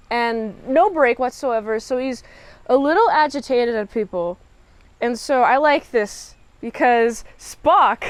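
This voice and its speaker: Female vlogger, casual TV reviewer, high-pitched, animated and chatty, dry close sound. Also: no room sound. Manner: chatty, animated, laughs often, acts out characters' lines. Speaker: TV episode reviewer.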